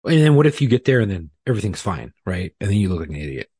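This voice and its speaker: Guest, male, low and very husky voice, rambling profane storyteller, laughs at himself, dry close mic. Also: sing-song, very fast, dark tone, dry recording. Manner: profane, rambling, self-deprecating. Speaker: podcast guest. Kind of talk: casual storytelling.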